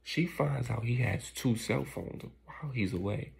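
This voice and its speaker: A man hosting his channel, telling a crude gossip story in an animated, casual way with many asides. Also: mid-range voice, a little slow, vocal fry, slight background noise. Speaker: channel host.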